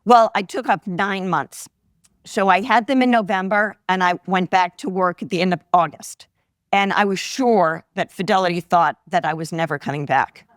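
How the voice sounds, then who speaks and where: A woman's voice: fairly low pitch, normal speed, dry recording, clean studio sound. A woman in her sixties, an investor guest telling personal stories in a live podcast interview, acting out the voices she quotes. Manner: animated anecdotes, acts out quoted voices. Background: live audience laughter.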